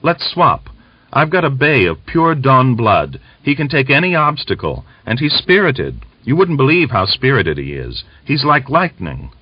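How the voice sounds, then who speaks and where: A man's voice: medium pitch, sing-song, a little slow, hardly any pauses, dry recording, muffled recording, pitched above the performer's own voice. A man voicing an artless young Cossack recruit who talks eagerly and pleadingly. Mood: wheedling. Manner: eager, wheedling.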